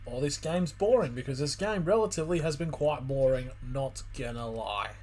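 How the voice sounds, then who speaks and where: A man's voice: medium pitch, normal speed, darkish tone. A young man giving casual live commentary on a football match for a stream, tired and rambling with lots of fillers. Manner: rambling, with many fillers and restarts. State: tired, yawning.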